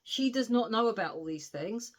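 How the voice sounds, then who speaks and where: A woman's voice: on the high side, lively intonation, normal speed. A woman giving a casual spoken book review, recounting the plot in a chatty way with frequent asides.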